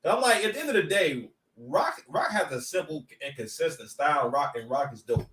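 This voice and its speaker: With his son close by at home, a man rambles and jokes through casual battle rap commentary, full of stop-and-start repetition. His voice is a little high, expressive, brisk and slightly bright. It was captured from a distance, off-mic in an echoey room.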